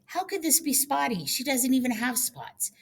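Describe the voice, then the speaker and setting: A woman puts on a young boy fighting to reclaim his dog. The voice climbs high and strains with tearful pleading, and a gravelly grain stays underneath. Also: lively intonation, moderate pace. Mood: insistent. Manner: pleading, rising to tearful cries.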